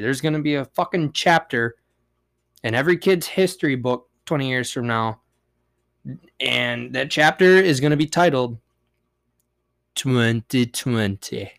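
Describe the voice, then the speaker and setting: A young man hosts a casual podcast alone, ranting profanely and rambling, his pitch and volume swinging widely.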